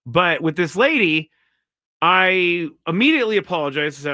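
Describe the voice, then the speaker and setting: A man's voice: sits high, big pitch swings, normal speed, pushed and bright, dry recording. A man hosting his own live show, telling a rambling story and reading out viewer comments. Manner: rambling, self-correcting storytelling; reads viewer chat comments aloud. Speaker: show host. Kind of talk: casual live-stream monologue.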